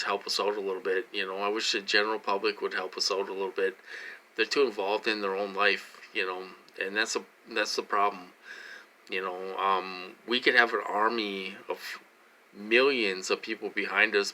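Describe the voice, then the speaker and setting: A man's voice: on the low side, bright, forceful tone, a little hiss or hum. A man talking straight to his vlog audience from his own room, rambling and repeating himself with lots of fillers. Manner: rambling and repetitive, heavy with fillers. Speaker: vlogger. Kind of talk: casual vlog monologue.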